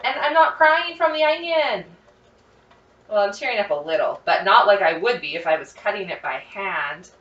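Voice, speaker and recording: A woman chatting excitedly to her viewers as she cooks, thinking out loud in a casual vlog. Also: mid-range voice, normal speed, reverberant, far from the mic, dull audio. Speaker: cooking vlogger. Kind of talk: casual cooking vlog, talking to camera. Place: home kitchen.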